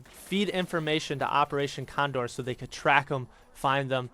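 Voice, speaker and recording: A man's voice: medium pitch, moderate pace, sharp tone, slight background noise. A man from the United States rambling through casual, profane history commentary over gameplay, with lots of fillers. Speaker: gaming YouTuber.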